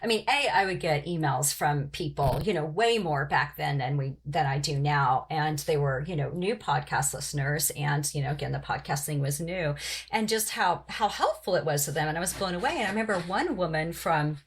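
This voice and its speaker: A middle-aged woman from Oklahoma hosting her podcast in a casual, rambling chat, often pausing on "um" and "you know". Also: deep voice, expressive. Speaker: podcast host.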